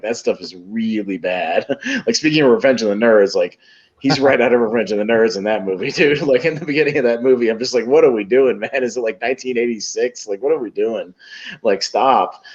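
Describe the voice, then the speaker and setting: A man hosting a casual podcast chat, talking in an excitable, rambling way full of fillers. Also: lowish voice. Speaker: podcast host. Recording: dull lo-fi recording.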